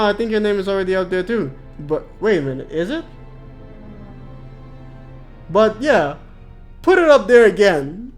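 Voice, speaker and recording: A man's voice: fairly high pitch, darkish tone. Rambling, jokey male streamer. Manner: rambling, jokey, reads chat aloud. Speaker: game streamer. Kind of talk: casual live-stream chat.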